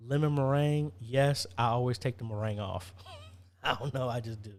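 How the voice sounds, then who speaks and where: A man's voice: mid-range voice, steady tone, moderate pace, darkish tone. A man hosting a casual live-stream Q&A, chatty, reading viewer comments aloud and answering them.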